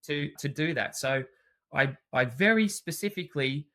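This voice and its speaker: Animated man. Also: a little high, normal speed. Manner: animated storyteller, acts out scenes. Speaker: guest, home education teacher. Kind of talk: podcast interview.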